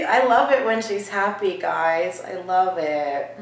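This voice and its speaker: A woman vlogging in her home kitchen. She asks a spirit hushed questions and turns to viewers with excited asides. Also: fairly low pitch, slow pace, echoey room, poor audio. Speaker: vlogger host. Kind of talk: casual paranormal vlog.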